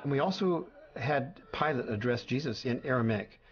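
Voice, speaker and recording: A man interviewed as a language consultant for a film, speaking in a measured, explanatory way. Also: medium pitch, animated, muffled recording, heavy background noise. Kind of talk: documentary interview.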